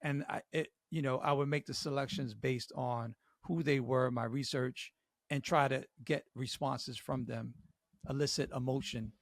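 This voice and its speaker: A middle-aged man spins a story on a podcast in a lively, slang-heavy way. His voice is gravelly. The sound is close and dry. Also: medium pitch, normal speed, no room sound. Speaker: podcast co-host.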